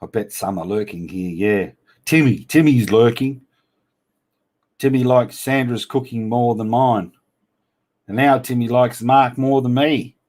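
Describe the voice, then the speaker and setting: Slightly slow and darkish in tone, a man's mid-range voice carries a casual livestream. As host, he reads out comments from viewers and answers them with slang-heavy banter that is blunt and teasing.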